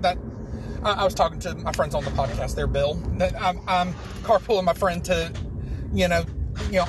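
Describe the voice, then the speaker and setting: High-voiced man talking from a noisy car. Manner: halting, stammering restarts. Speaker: podcast co-host. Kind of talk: casual chat. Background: car noise.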